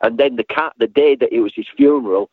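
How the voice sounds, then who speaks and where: A man reminisces in a loose, rambling way, stumbling over restarts and slipping into lively impressions of the people in his story. His voice comes through thin and boxy, like a phone call, with no room sound around it. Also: mid-range voice, fast, creaky, no echo. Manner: animated storyteller, acts out voices, frequent restarts. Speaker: guest recalling a late friend. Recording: tinny phone-line sound, dry.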